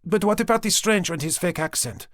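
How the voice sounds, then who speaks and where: A male narrator voicing a sharp, persistent young woman police sergeant in an audiobook. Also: high voice, animated, no room sound, clean studio sound, voice pushed up. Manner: quick, probing, persistent. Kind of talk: audiobook character voice. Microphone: close studio mic.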